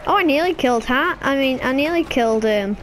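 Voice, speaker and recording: A woman giving casual, excitable commentary while playing a video game, chatting away and breaking into sudden high squeals. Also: a little fast, background noise.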